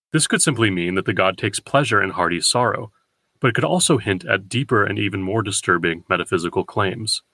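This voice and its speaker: A man hosting a poetry podcast, giving a scripted, measured lecture and slowing down to read verse. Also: fairly low pitch, sharp tone, dry recording. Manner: measured, deliberate, slows for quoted verse.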